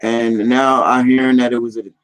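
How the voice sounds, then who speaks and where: A man recaps things for his vlog audience in an easygoing, rambling way. His voice sits in an ordinary middle pitch. He sounds eager and often lets a thought trail off before moving on. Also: little pitch movement, fairly quick, smooth, low-quality recording. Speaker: YouTube vlogger. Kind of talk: casual chat recap.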